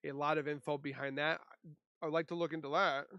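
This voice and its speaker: A man's voice: on the high side, little pitch movement, fairly quick, pushed and bright, clean tone, dry recording, studio quality. A man from Minnesota hosting a casual livestream, chatting and reading viewer comments aloud into a desk mic. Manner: chatty, reads and answers chat aloud. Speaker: livestream host.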